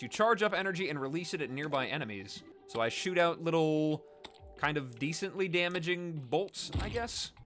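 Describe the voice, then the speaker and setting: A man giving chatty, excitable gameplay commentary as host of his let's play series, often poking fun at himself. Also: mid-range voice. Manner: excitable, chatty, self-mocking.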